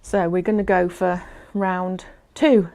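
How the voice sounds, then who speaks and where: A woman's voice: fairly low pitch, little pitch movement, takes it slowly, darkish tone. A woman instructing a fitness class, chatty and encouraging, counting down aloud and a little out of breath as she exercises along.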